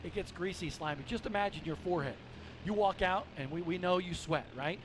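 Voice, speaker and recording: A man's voice: high voice, brisk, background noise. A man from the North Carolina mountains, chatty and folksy as he announces a stock car race. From western North Carolina. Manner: chatty, folksy, joking with his co-host. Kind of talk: live racing commentary.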